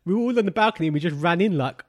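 Fast-talking excitable man. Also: high-pitched. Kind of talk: casual chat.

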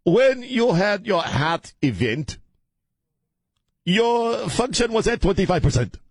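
A radio host putting on the voice of a small, blunt male cardiologist with a loud voice, speaking slowly and matter-of-factly. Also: very animated, husky, dry recording, studio quality, exaggerated voice. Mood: stern. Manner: slow, booming, matter-of-fact.

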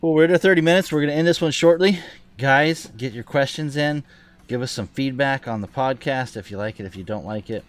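A man hosting a podcast, talking in an easygoing, halting way. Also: medium pitch. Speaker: podcast host. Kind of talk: casual chat.

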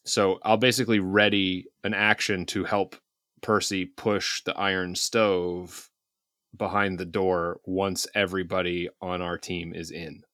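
A man playing a tabletop game, thinking aloud in a deliberate way. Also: sits low, little pitch movement, a bit bright, no echo, studio quality. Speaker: player. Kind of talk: casual tabletop play.

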